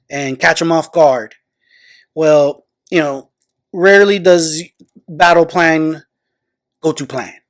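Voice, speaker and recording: Male host, unhurried casual book reviewer, rambles and corrects himself mid-sentence. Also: on the high side. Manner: rambling, self-correcting, unsure of names.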